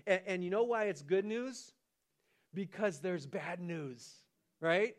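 A man preaching a sermon as pastor, animated, often restarting and repeating his words. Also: high voice, takes it slowly. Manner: animated, acts out the angel's lines with rising excitement.

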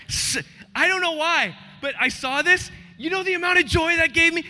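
A male pastor in his thirties preaching a sermon in a large church, moving from hushed confession to loud, emotional peaks. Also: extremely high pitch, big pitch swings, brisk. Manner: impassioned, swings from hushed to shouting. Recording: long church hall reverb.

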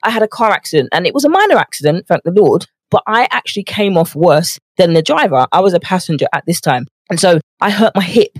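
Animated and fast, this woman talks with few pauses in a slightly rough, low-leaning voice, recorded without echo. A nutrition coach hosting a motivational podcast from her home office, she's chatty, acts out quotes, and is a little breathless from a treadmill pad.

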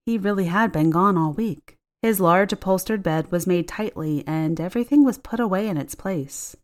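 A woman narrating a first-person horror story in a measured, tense storytelling manner. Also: on the low side.

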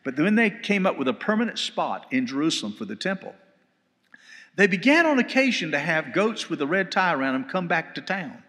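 Animated male Bible teacher in a church hall. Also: fairly high pitch, a little fast. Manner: animated storytelling, shouting quoted lines. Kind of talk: sermon-style Bible lecture. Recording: live church hall recording with long reverb.

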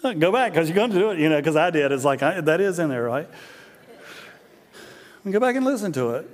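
A man's voice: a little high, very animated, a little fast, pauses often. A middle-aged man preaching a sermon as a pastor, in a conversational, joking storytelling manner that often repeats "and, and". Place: church sanctuary. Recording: long hall reverb in a church.

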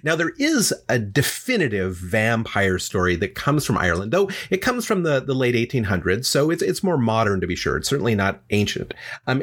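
Husky man telling a folktale casually. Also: on the low side, a bit bright. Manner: chatty, many fillers and asides. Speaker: storyteller.

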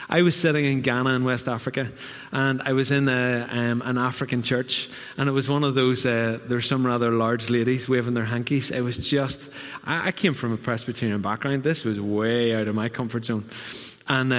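A man from Northern Ireland with a Northern Irish accent preaching a sermon in a church, lively and humorous, with asides to the congregation. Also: medium pitch. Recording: long church hall reverb.

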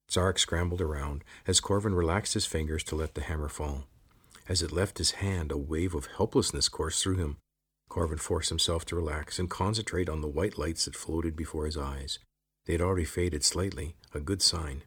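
Deep husky male storybook narrator. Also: fairly even intonation, normal speed. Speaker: audiobook narrator. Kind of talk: scripted narration.

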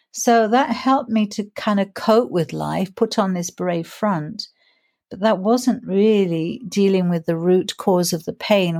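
A woman in her sixties, a grief coach telling her own story in an interview, reflective and earnest, slowing down to stress key points. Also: on the low side, vocal fry, a little mellow. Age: 60s. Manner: reflective, earnest, slows down for emphasis.

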